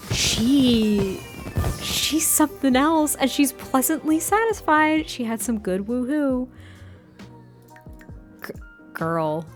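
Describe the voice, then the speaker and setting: A woman's voice: high voice, lively intonation, slow, long pauses, soft background music. A woman hosting a gameplay video, chatting casually and giggling as she narrates what her characters are thinking. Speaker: let's play host.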